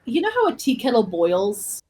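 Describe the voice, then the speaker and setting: Young female co-host, bright lively pitch, animated, cusses casually. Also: normal speed, husky. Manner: animated, swears freely, vivid comparisons. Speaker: podcast co-host. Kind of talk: casual chat.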